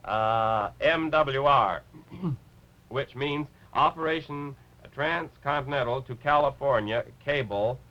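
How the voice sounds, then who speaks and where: A man voicing a bumbling male rabbit puppet who gives a lecture, halting and clearing his throat. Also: medium pitch, pushed and bright, muffled recording. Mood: flustered. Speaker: puppet character on a TV show.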